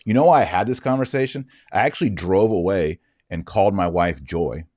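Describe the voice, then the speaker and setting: A middle-aged man with a deep, low voice hosts a casual podcast monologue. He tells his story in an animated way and acts out the voices of the people in it. The sound is dry and close to the mic. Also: fairly quick, dry recording. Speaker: podcast host.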